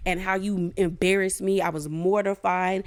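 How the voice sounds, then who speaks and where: In a mid-range voice with little pitch movement and a moderate pace, a woman gives a casual reality-show recap. She's gossipy and opinionated, uses plenty of slang, and addresses viewers directly.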